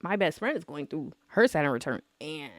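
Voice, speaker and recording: A woman's voice: deep voice, very animated, a little fast, no echo, clean studio sound. A young woman vlogging in a casual, chatty way, telling dramatic stories with plenty of slang. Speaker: astrology vlogger. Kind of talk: casual chat to camera.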